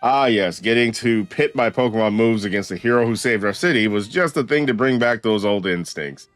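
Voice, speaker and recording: Man voicing courteous retired barista, mock French accent, hammy read, lowish voice, dry close sound. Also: a little fast, no room sound, faint music behind, close to an everyday voice. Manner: hammy, read-aloud game dialogue. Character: old male former cafe barista, polite.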